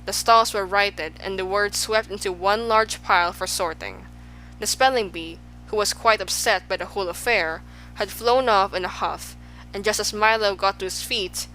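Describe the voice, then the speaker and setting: Bright-voiced woman reading a storybook. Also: mid-range voice, slight background noise, low-quality recording. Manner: lively, expressive. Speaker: audiobook narrator.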